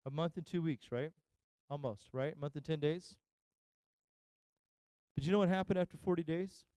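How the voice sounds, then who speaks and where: A man preaching a sermon as pastor, talking straight to his listeners, asking them questions and pausing for effect. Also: on the high side, mellow, clean tone, no echo, rough recording. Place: church.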